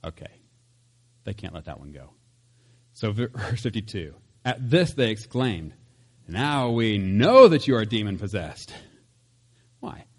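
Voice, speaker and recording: A man's voice: on the low side, sing-song, a little slow, long pauses. A man preaching a casual, conversational sermon, chatty with laughs and asides. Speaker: pastor.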